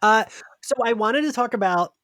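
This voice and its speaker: A man on a pop-culture podcast, thinking out loud and often correcting himself mid-sentence. His voice sits a little high. It is recorded dry, with no room sound. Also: normal speed, dry recording. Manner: musing, self-correcting, animated. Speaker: podcast guest or host. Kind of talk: casual pop-culture chat.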